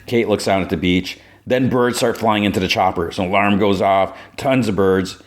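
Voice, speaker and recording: A man with a very low voice retells a show's episode on his podcast. He talks loosely and casually, leaning on "like" as he goes. The tone is easygoing recap chat. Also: steady tone, moderate pace. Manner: loose storytelling with many "like" fillers. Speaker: podcast host.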